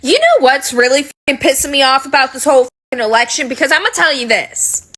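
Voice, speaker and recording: A woman's voice: sits high, big pitch swings, a little fast, a bit bright. A woman ranting to camera in a heated, profane, sarcastic way about politics. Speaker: social media commentator.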